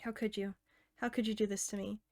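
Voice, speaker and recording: A woman reading aloud as a self-aware teenage game girl, earnest and intimate, softly pleading. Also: medium pitch, little pitch movement, brisk, dry recording, close to an everyday voice. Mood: bitter.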